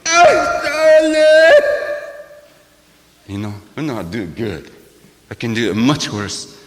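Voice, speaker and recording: An older man, a shaman, giving a sermon-like talk to a gathering in a church, with a rhythmic, repetitive cadence that swings from loud to hushed and wry, laughing asides. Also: on the low side, animated, brisk, a little hiss or hum. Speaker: shaman speaker. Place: church hall. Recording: long hall reverb.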